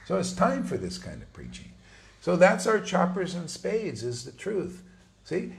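High-voiced man giving an emphatic sermon. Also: creaky. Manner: emphatic, conversational, slangy asides. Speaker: spiritual teacher. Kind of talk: informal sermon.

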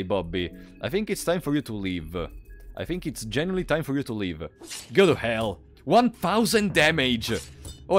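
A man giving casual live-stream commentary while playing, excitable and quick to thank donors out loud. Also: mid-range voice. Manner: excitable, thanks donors loudly, restarts often.

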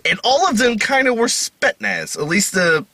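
A man co-hosting a casual movie review podcast, rambling and profane, with loud bursts of mock outrage. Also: high-pitched, very animated, normal speed, no room sound. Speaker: podcast co-host.

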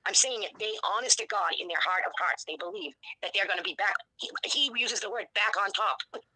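A woman in her sixties, speaking bluntly and profanely as an interview guest, telling her story in an animated way. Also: mid-range voice, brisk, no room sound, rough recording. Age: 60s. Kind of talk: candid interview.

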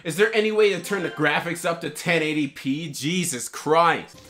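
A young man giving profane, sarcastic gameplay commentary, swinging from muttered gripes into shouting and laughter. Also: a little high, normal speed, soft background music. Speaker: gaming commentator.

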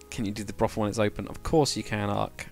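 A man's voice: on the low side, creaky, darkish tone. A man casually chatting on a game livestream, thinking aloud while building and answering chat. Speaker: game streamer.

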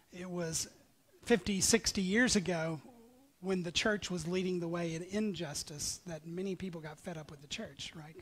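A man preaching a sermon as pastor, reading scripture with passion and moving between loud emphatic lines and hushed near-whispers. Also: sits high. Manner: reads scripture aloud with passion.

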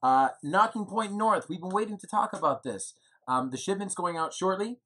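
A man's voice: high voice, expressive, normal speed, fairly bright tone, breathy edge. A man in his thirties giving a chatty, rambling video update from indoors, with fillers and self-deprecating jokes. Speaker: winery co-owner giving updates. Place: indoors at home in the evening.

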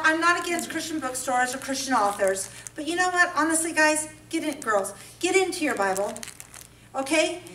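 A woman from California giving a humorous, animated sermon at a women's breakfast. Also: high-pitched, a little hiss or hum. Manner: animated storytelling, playful then earnest. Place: church event hall. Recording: echoey hall, mic at a distance, faint ambience.

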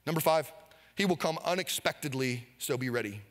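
High-voiced energetic preacher man. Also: a little fast, big-room sound. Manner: energetic, leads the congregation in call-and-response. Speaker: pastor. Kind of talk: sermon. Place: church sanctuary.

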